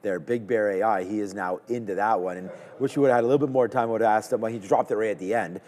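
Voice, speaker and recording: Male trading-stream host, low voice, chatty and upbeat, running commentary, reverberant sound. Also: fast talker, a little mellow. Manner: chatty, upbeat, thinking aloud while trading. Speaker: stock trading livestream host. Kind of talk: live market commentary.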